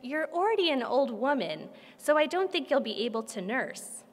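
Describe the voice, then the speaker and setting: A village midwife, plain and matter-of-fact, a little evasive, as a woman reader voices her. The voice is fairly high. The recording carries a long reverb from a large hall. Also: big pitch swings, moderate pace. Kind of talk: literary reading.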